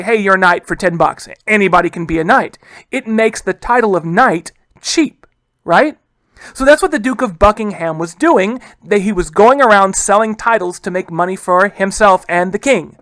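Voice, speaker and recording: A man lectures on history in a relaxed, conversational classroom style, his high, somewhat bright voice captured without echo. He leans on "guys" and rhetorical questions and mimics historical figures in short quoted asides.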